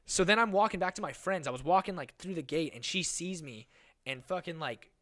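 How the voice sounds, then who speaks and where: A man's voice: fairly high pitch, lively intonation, a little fast, fairly bright tone. A young man hosting a podcast, telling a rambling story in casual chat, swearing and laughing often. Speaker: podcast host.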